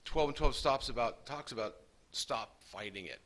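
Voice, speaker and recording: A man's voice: mid-range voice, lively intonation, normal speed, fairly bright tone. A man speaking earnestly to a recovery meeting, sharing his story in an emphatic, folksy way. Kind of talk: personal recovery talk to a group.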